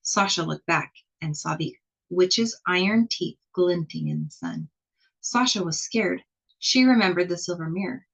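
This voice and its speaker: A woman reading a children's picture book aloud in an expressive, slow storytelling manner. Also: on the low side, creaky, low-quality recording. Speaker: storybook reader.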